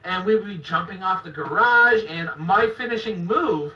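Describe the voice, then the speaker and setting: A man's voice: high voice, normal speed. A man telling stories in casual podcast chat, laughing often and acting out what people said. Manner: laughing, animated storyteller who acts out quotes. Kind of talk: casual storytelling. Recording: roomy, distant, dull-sounding podcast audio.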